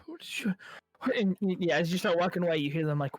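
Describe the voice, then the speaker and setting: A man with a high voice and quick pace narrates a tabletop game as its game master. He's hesitant, full of fillers and restarts, as he voices guards and townsfolk.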